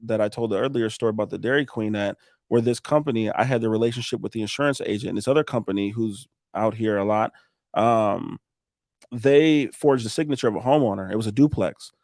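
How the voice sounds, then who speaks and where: Gravelly man telling blunt stories. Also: on the low side, fairly quick, dry recording, clean studio sound. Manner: animated, acts out quotes, blunt with swearing. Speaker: roofing business owner, podcast guest. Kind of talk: casual storytelling.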